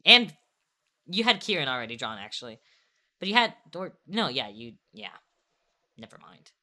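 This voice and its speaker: A woman's voice: rumbling low, sing-song, normal speed, pushed and bright. A young woman streamer chatting casually while drawing, rambling and correcting herself as she goes, often laughing.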